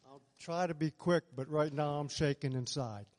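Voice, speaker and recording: A man's voice: a little high, normal speed, darkish tone, slight background noise. A man from the congregation sharing a personal testimony, nervous and hesitant. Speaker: congregation member giving testimony.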